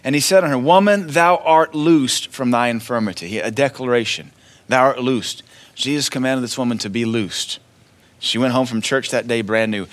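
A man preaching a sermon in a loose, conversational way, swinging between quiet asides and loud declarations. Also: mid-range voice. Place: church.

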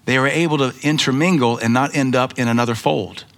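Bright-voiced American preacher giving a sermon. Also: male voice, a little fast, creaky. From United States. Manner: animated storytelling preacher, rhetorical questions, voices pitch up for emphasis. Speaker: pastor.

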